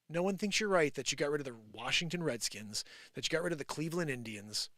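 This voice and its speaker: A man hosting a live stream, ranting in an improvised and sarcastic way, swinging from loud outbursts to low muttering. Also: animated, fast talker, few pauses, dry recording, clean studio sound. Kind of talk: improvised live opinion rant.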